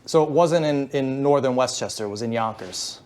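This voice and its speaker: A man's voice: mid-range voice, moderate pace, darkish tone. Man asking probing interview questions. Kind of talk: casual interview.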